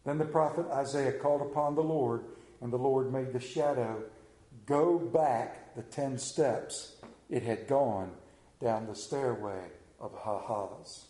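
A man's voice: medium pitch, slow, dark tone. A man preaching a sermon and leading a prayer, earnest, with self-deprecating asides. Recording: roomy echo.

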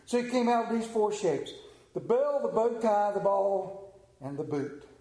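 A man's voice: high-pitched, expressive, unhurried, mellow, roomy sound, poor audio. A man, preaching a sermon and telling a story in a folksy, drawling manner. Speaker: pastor. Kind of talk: sermon with scripture reading and prayer.

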